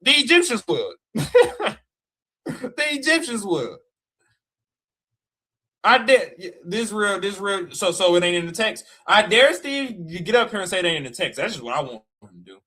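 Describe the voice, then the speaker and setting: A man's voice: sits high, sing-song, normal speed, sharp tone, breathy edge. A man in a heated livestream rant, mocking and challenging, repeating his dares. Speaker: live stream guest debater. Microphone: live stream call mic.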